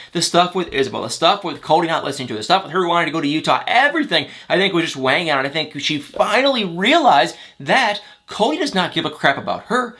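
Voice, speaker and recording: A man who hosts a celebrity gossip channel, recapping a reality show in a chatty, exasperated, animated way. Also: high voice.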